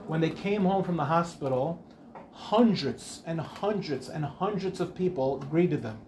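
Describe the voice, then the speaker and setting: A man's voice: fairly high pitch, animated, a little slow, a little mellow, a little hiss or hum. A man, a rabbi, giving an informal Torah class, chatty and rambling, often breaking off to ask the audience questions. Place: Ramat Beit Shemesh.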